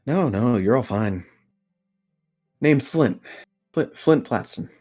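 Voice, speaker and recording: A man's voice: mid-range voice, expressive, takes it slowly, mellow, slightly rough, faint music behind, pitched above the performer's own voice. A man voicing a friendly male tiefling who talks in an easygoing, reassuring way. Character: friendly male tiefling host, smooth and relaxed.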